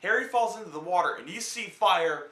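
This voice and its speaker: A man's voice: high-pitched, lively intonation, fairly quick, pushed and bright, roomy sound. A young man giving a rambling, profane, joking film review as a vlog host.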